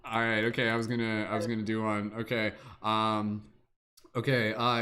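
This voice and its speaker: A man's voice: medium pitch, fairly even intonation, unhurried, a bit bright. Man, young adult, podcast host, rambling, filler-heavy, casual. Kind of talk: casual improv game hosting.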